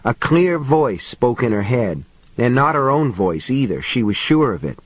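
A man narrating a horror audiobook in a measured, even storytelling voice. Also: medium pitch, no room sound, rough recording.

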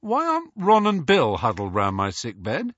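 A man's voice: medium pitch, wildly swooping pitch, normal speed, a bit bright, dry recording, highs cut off. A man voicing a wry, joking young man in an audiobook reading. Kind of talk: audiobook character voice.

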